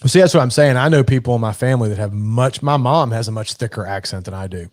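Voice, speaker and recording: A man with a Southern US accent, co-hosting a podcast in relaxed casual chat, swearing freely and laughing often. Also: medium pitch, fast talker, no echo, studio quality. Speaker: podcast co-host.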